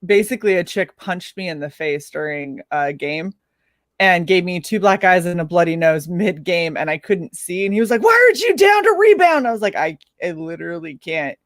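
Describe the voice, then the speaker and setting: A woman's voice: fairly low pitch, normal speed, dry recording. Blunt, laughing woman co-host; dry, close recording. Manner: blunt, swears freely, laughs often. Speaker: podcast co-host. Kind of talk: casual chat.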